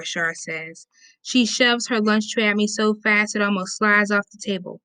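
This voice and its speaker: A woman's voice: mid-range voice, fairly even intonation, unhurried, pushed and bright, clear, resonant tone, no echo. A woman reading a novel aloud in first person, with a casual, conversational storytelling manner. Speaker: audiobook reader. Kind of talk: first-person audiobook narration.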